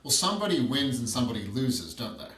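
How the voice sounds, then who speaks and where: A man's voice: medium pitch, very animated, fast talker, a bit bright, slight background noise. Reflective man in his thirties, roomy and distant. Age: 30s. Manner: reflective, storytelling, repeats questions for emphasis. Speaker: transformational coach, guest. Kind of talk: candid podcast conversation.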